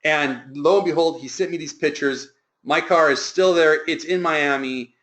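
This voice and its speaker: A man's voice: a little high, normal speed, fairly bright tone. A man working as a sales trainer, telling an earnest, emphatic motivational story.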